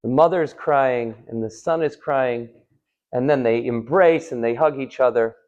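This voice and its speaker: A man, a rabbi, giving a live Torah class, telling stories with rhetorical questions and Hebrew terms, swinging from loud to hushed. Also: mid-range voice, a little slow, lo-fi sound. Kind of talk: live sermon with storytelling. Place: synagogue hall.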